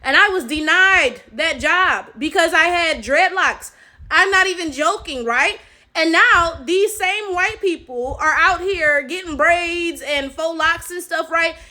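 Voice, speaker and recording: A woman's voice: very high voice, measured pace, bright, forceful tone. A young woman, giving emphatic casual commentary straight to her viewers. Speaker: commentary video host.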